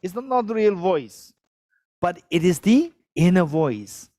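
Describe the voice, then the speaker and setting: A man's voice: sits high, animated, a little slow, warm tone, dry recording. Man lecturing in plain dry sound. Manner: repeats phrases and poses questions to listeners; non-native English phrasing. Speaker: Buddhist teacher. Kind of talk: philosophy lecture to an audience.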